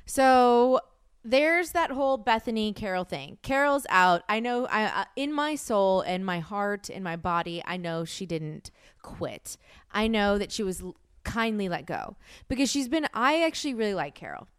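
A woman's voice: medium pitch, expressive, normal speed, clean tone, dry recording, studio quality. A woman in her thirties co-hosting a podcast, chatting casually and talking over her partner. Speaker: podcast co-host. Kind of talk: casual chat.

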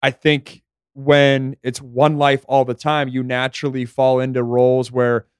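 A young man chats on a podcast in an easy, reflective way, laying out his view step by step. His voice is mid-pitched and recorded close and dry, with no room sound around it. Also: little pitch movement, measured pace, clear, resonant tone, no room sound. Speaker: recurring podcast guest. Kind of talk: casual chat.

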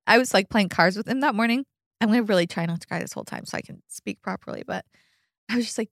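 A woman's voice: a little high, quick pace, a bit bright, no room sound, studio quality. A young adult woman hosting a podcast, telling a personal story in casual chat, chatty and full of fillers, laughing often.

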